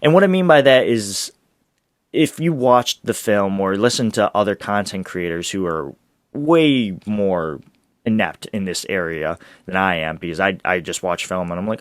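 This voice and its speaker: Male podcast host, lowish dry voice, eager and rambling, close mic. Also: normal speed, dry recording. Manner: excitable, rambling, with frequent laughs and restarts. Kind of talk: solo sports podcast talk.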